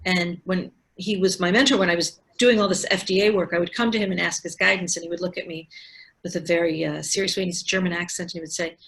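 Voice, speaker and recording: A physician and researcher in her sixties explains things step by step over a video call, restarting often as she talks. Her lowish voice is creaky and a bit bright, with fairly even intonation and a fast pace.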